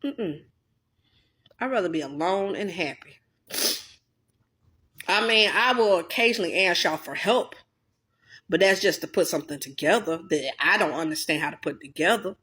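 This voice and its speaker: A woman's voice: fairly low pitch, expressive, moderate pace, long pauses, a bit bright, slightly rough. A woman vlogger in a blunt, profane, heated casual rant. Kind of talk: casual ranting monologue.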